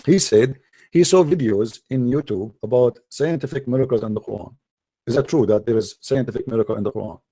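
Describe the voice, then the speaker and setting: A man's voice: mid-range voice, a little fast, warm tone, no room sound. A man hosting a heated debate, insistent and repeating himself as he talks over the other speaker. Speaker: show host debating a caller.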